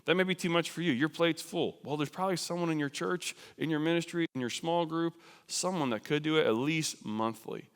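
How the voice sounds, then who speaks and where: A man from New Jersey giving a conversational, animated sermon about missions in a church. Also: fairly high pitch, brisk, clear, resonant tone. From New Jersey, USA. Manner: conversational, animated, self-deprecating. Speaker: missions speaker. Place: church sanctuary. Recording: long hall reverb.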